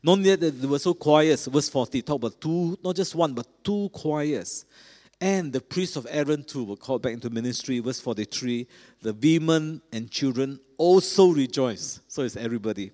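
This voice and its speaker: A man delivers a sermon in a cathedral, his voice carrying a long hall reverb. He speaks earnestly at a middle pitch, pausing with fillers and restarting phrases as he explains scripture. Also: expressive, warm tone. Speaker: preacher.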